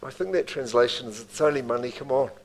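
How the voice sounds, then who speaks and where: A man's voice: mid-range voice, fast talker, poor audio. A man with a New Zealand accent calling bids at a live property auction, with rhythmic bid calls and chatty asides to the room.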